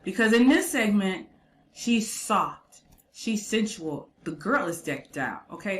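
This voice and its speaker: A woman's voice: fairly low pitch, unhurried, background noise. A woman hosting a casual reaction commentary, chatty and emphatic with slangy asides. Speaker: host reacting to a clip.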